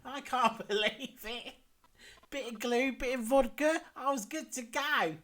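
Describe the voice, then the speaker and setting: A game streamer voicing an eccentric, boozy older woman golfer in a high, giggly voice. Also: measured pace. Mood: giddy. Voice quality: high-pitched, loud, giggly. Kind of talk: video game voice acting while streaming.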